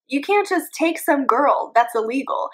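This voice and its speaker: A woman's voice: sits high, animated, normal speed. A woman voicing an indignant young male tutor who protests and then gives in. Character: blind young male tutor, easily swayed.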